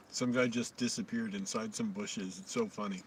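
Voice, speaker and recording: A man's voice: lowish voice, steady tone, slow pace, recorded from a distance. A man with a scratchy voice live-streaming a rambling, amused running commentary outdoors in a park. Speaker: vlogger. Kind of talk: casual live-stream chat.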